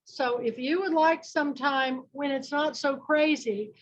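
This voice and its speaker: A woman's voice: high-pitched, measured pace, highs cut off, slight background noise. A woman from Kansas hosting an online book club, chatting and making rambling announcements over a video call.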